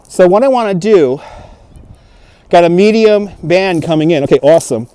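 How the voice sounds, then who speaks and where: A man's voice: high voice, animated, normal speed, warm tone, clear, resonant tone. A man hosting a casual walking livestream outdoors in a snowy park, chatting and answering viewer comments while holding a phone on a gimbal. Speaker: livestream host. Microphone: phone on a handheld gimbal.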